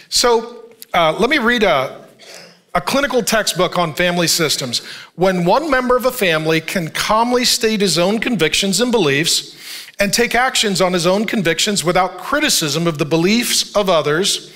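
A middle-aged male pastor preaching a sermon in an animated, joking way, reading scripture and acting out the people in the story. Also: high voice, moderate pace. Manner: animated, jokey, acts out voices in the story.

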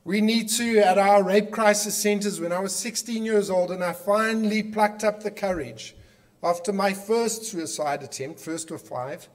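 A man with a South African accent and a high-pitched voice gives an impassioned conference speech. He's emphatic, using rhetorical questions and dramatic pauses.

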